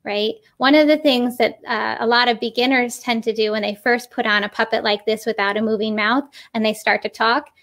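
A woman, a puppeteer and teacher, explaining her craft in a casual interview and demonstrating with quick voices. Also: fairly high pitch, steady tone, fairly bright tone.

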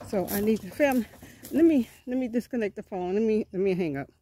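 A folksy woman vlogs from her rural property, speaking into a handheld phone. She is out of breath and often repeats herself while addressing her viewers as family. Her voice sits at an ordinary middle pitch over faint outdoor noise. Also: quick pace, mellow. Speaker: vlogger. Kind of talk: casual vlog talk to viewers.

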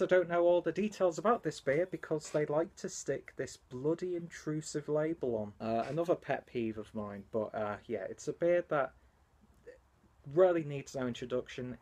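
A man's voice: medium pitch, a little mellow. Rambling, swearing young man. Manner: swears freely, rambling and self-mocking. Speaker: beer vlogger. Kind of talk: casual vlog chat. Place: home, indoors and in a basement.

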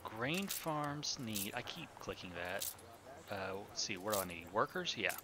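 A man's voice: fairly low pitch, very animated, a little slow, background noise. A man streaming a city-building game, thinking aloud in a rambling casual way and chatting with viewers as he plays. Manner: thinks aloud, rambling with fillers and self-corrections; chats with viewers while playing. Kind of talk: casual live-stream commentary.

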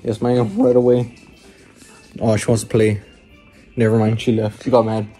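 A man's voice: medium pitch, flat delivery, moderate pace, dark tone, breathy edge, faint music behind, rough recording. A young man casually vlogging at home on a phone, hyped and playful, chatting to his dog. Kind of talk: casual vlog. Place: at home, indoors.

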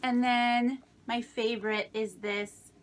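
An Indiana craft vlogger, a little unwell and shaky, gushes sentimentally through a casual unboxing with lots of delighted exclamations. Her fairly high voice is delivered flatly and slowly.

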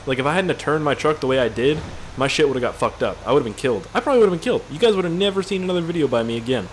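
A man's voice: fairly high pitch, expressive, racing, a little hiss or hum, low-quality recording. Rambling, profane man on gameplay commentary. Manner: rambling, profane, jokey storytelling. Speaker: gaming video creator.

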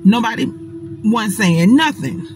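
An animated woman recounts a frightening night in a loose, casual storytime monologue and speaks straight to her listeners. Her voice sits at an ordinary middle pitch for a woman. Faint music plays underneath her. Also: unhurried, poor audio. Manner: animated, dramatic retelling with frequent swearing; talks straight to the audience.

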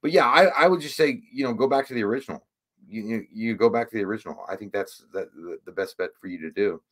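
A man's voice: lowish voice, quick pace. A man hosting a casual livestream, rambling and swearing, easily frustrated. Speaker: livestream host.

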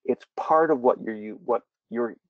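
A male workshop trainer giving a webinar lecture, animated and quick to repeat his words, with fillers. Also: medium pitch, no room sound. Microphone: webinar mic. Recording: dull distant dry webinar audio.

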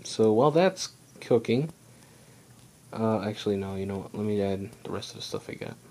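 Low-voiced young man chatting through a game. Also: animated, normal speed, dark tone, a little hiss or hum. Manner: rambling, chatty, self-talk while playing. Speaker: gaming channel host. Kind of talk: casual let's play commentary.

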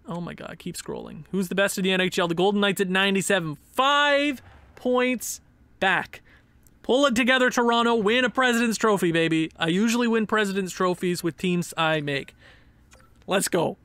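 A man's voice: sits high, lively intonation, normal speed, fairly bright tone, no room sound. A man giving casual commentary over a sports game, sarcastic and exasperated, with bursts of pained laughter. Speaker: gaming YouTuber.

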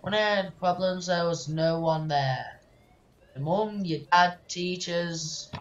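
A woman voicing a lonely, remorseful man who hijacked a plane, reading his lines slowly and haltingly. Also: lowish voice. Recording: dull, roomy, distant mic.

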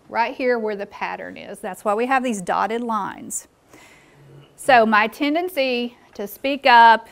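A woman's voice: on the high side, a bit bright. A woman presenting a live workshop in a meeting room, engaging the audience with questions.

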